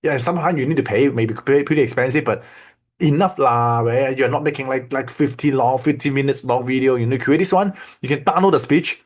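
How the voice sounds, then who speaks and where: A man walking students through a software tool in a loose, repetitive teaching style, checking in often with "okay?" and "right?". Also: medium pitch, a little fast. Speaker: online course instructor. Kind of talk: casual screen-share tutorial.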